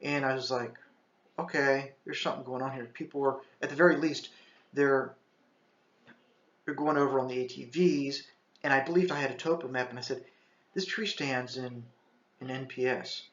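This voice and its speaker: A man, a retired park ranger, telling a tense first-person story, halting and restarting, and shouting the commands he once gave. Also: mid-range voice, fairly even intonation. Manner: intense, shouts quoted commands. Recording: echoey, slightly dull sound.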